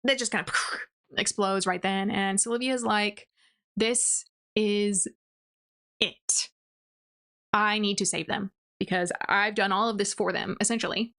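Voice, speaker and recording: Young woman, booktuber, casual plot recap, filler-heavy, quotes characters in passing, mid-pitch. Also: fairly even intonation, normal speed, bright, forceful tone. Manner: chatty, many "like"s, acts out quotes in passing. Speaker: book reviewer. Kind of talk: casual rant review, retelling a plot.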